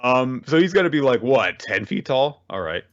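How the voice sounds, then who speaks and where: A man's voice: mid-range voice, sing-song, normal speed, muffled recording. A man hosting a casual recap show, talking animatedly with bursts of swearing and voiced character lines. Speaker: podcast host. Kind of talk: casual manga recap chat.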